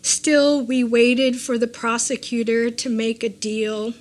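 Woman author, somewhat high voice, reading her own memoir live: measured and deliberate, with dry asides. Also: fairly even intonation. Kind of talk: live reading of a personal essay.

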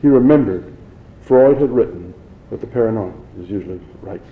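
Man reading a novel aloud, low voice, dull lo-fi recording, a few restarts. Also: lively intonation, a little fast, reverberant. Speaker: reader.

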